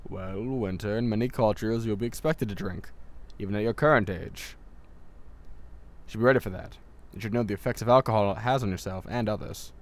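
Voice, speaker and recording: A man voicing a stern, composed male mentor in a game let's-play, speaking in a calm, measured, commanding way. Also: fairly low pitch, natural voice. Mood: instructing. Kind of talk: amateur let's-play voice acting.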